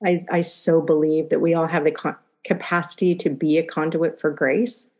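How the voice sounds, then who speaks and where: A woman's voice: low voice, level tone, normal speed, a little mellow. A woman hosting an interview, affirming her guest and asking reflective questions. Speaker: interview host. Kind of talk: interview conversation.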